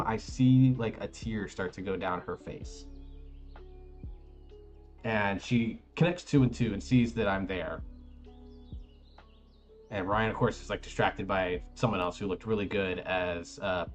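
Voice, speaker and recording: Low-voiced man telling a proud-dad story. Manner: rambling, animated anecdote with many fillers. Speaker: streamer. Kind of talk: casual storytelling.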